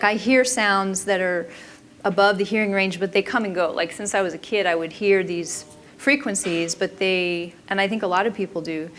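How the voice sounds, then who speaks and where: A woman's voice: mid-range voice, slight background noise. A woman giving an informal talk at a conference in a chatty way, often stopping and restarting her sentences. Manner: chatty, self-interrupting, frequent restarts. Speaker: conference presenter.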